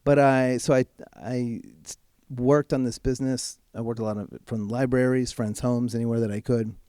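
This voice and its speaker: A man speaking as a podcast guest, telling a personal story in a frank, casual way and swearing freely, slowing right down when he wants to stress a point. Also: medium pitch, little pitch movement, mellow, smooth, no echo, clean studio sound. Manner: slows right down for emphasis. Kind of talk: candid personal storytelling in conversation.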